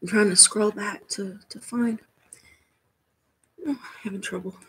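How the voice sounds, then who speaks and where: Chatting casually with her live-stream viewers from a room at home, this Southern US woman laughs often as she reads the chat. She speaks at a measured pace in a steady, mid-range, fairly bright voice, over poor audio with a little hiss or hum.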